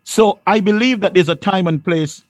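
A man's voice: sits high, moderate pace. A man hosting a panel discussion who steers the talk and often repeats his phrases. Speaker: host.

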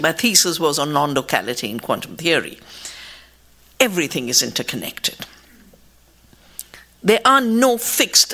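Measured, bright-voiced woman lecturing. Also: on the low side. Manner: measured, deliberate, emphatic. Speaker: scientist speaking on ecology. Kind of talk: reflective talk.

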